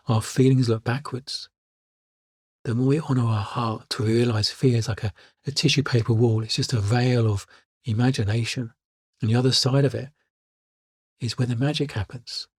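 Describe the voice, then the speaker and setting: A man, a life coach telling calm personal stories in a reflective podcast monologue and repeating his key lines. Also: mid-range voice, moderate pace, husky, no room sound, studio quality.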